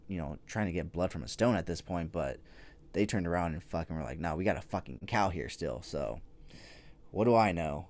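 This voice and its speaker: A deep, slightly mellow male voice hosts a toy news podcast solo, chatting casually. He rambles, leaning on lots of fillers and the occasional swear word.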